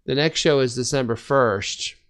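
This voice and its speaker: A young man co-hosting a fan review podcast with a smooth, clear voice at an ordinary pitch. He chats in an easygoing, agreeable way. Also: normal speed, fairly bright tone. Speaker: podcast co-host. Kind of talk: casual chat.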